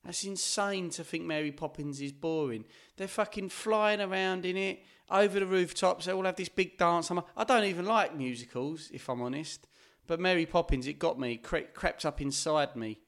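A man's voice: fairly high pitch, normal speed, a bit bright. A man, co-hosting a podcast, blunt and jokey as he argues about films, swearing freely. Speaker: podcast co-host. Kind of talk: casual banter about films.

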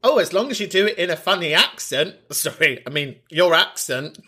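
A man's voice: a little high, sing-song, pushed and bright, breathy edge. A man hosting a podcast, talking openly and camply and laughing easily as he answers callers. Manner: candid, camp, quick to laugh. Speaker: podcast host. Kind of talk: casual chat.

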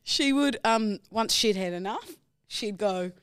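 A young woman co-hosting a podcast, telling stories in a casual, animated way. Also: medium pitch, a little slow, clean tone, dry recording, clean studio sound. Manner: laughing, animated storytelling. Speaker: podcast co-host. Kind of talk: casual chat.

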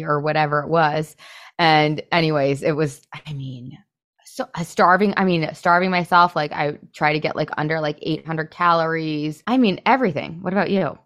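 A woman co-hosting a podcast in casual chat, talking fast and loose with lots of fillers and acted-out quotes. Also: low-pitched, fairly bright tone. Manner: chatty, filler-heavy, acts out quotes. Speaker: podcast co-host.

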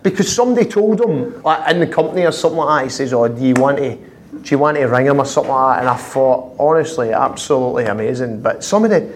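A man with a Scottish accent, a footballer guest telling prank-call stories with lively laughter and constant "I says". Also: medium pitch, fast talker, a little hiss or hum. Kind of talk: anecdotal storytelling.

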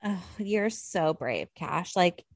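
Casting: young woman podcast co-host, animated and profane, dry close mic. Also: on the low side, slow, no echo. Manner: animated, profane, squeals for quoted voices. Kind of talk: casual chat.

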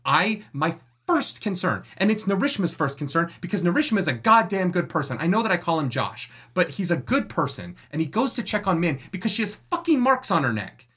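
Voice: medium pitch, sing-song, a little fast, few pauses, fairly bright tone, breathy edge. A podcast co-host in a casual book discussion, ranting with passion and plenty of swearing, acting out quoted characters. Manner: impassioned, profane ranting.

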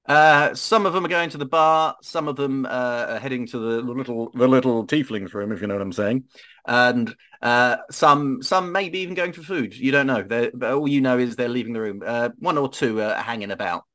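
A man narrates as game master of a tabletop game, hesitant and full of fillers. His voice is medium-pitched and a bit bright, at a normal speed.

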